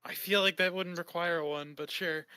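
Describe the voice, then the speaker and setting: A man's voice: high voice, fairly even intonation, moderate pace, sharp tone, clean tone, no echo. A man playing in a tabletop game, making dry, wry remarks in casual banter. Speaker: player.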